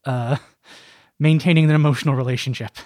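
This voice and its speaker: A man's voice: mid-range voice, steady tone, fairly quick, darkish tone, no room sound, clean studio sound. A man co-hosting an advice podcast, chatting casually and dropping wry, joking asides.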